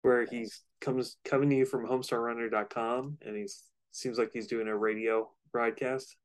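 A man's voice: mid-range voice, little pitch movement, moderate pace. A man co-hosting a podcast in casual chat, rambling a little with fillers. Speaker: podcast co-host.

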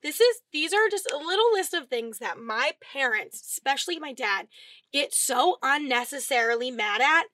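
A young woman co-hosting a casual podcast, talking in slangy, profane, relaxed speech. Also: high-pitched, normal speed, no room sound. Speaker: podcast co-host. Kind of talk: casual chat.

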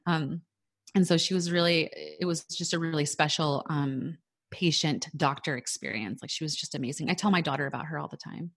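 A woman in her thirties telling her fertility story in a casual chat, animated and quick to quote what people said. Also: low-pitched.

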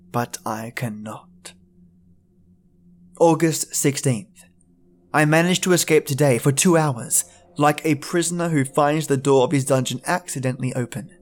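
Man reading a dark tale, fairly high. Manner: anguished, theatrical first-person reading. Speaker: podcast narrator. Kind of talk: dramatic storybook reading.

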